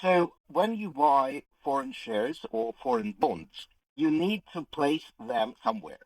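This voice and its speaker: A man's voice: fairly high pitch, animated, unhurried, dry recording, poor audio. Hesitant man explaining finance, dry sound. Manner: hesitant, many "uh" fillers, careful explaining. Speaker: economist guest. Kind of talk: explanatory interview answer.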